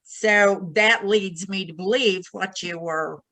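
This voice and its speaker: A woman speaks very slowly and thoughtfully in a casual podcast chat. Her tone is bright, and she keeps affirming what the others say. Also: medium pitch, dry recording, rough recording. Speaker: podcast guest.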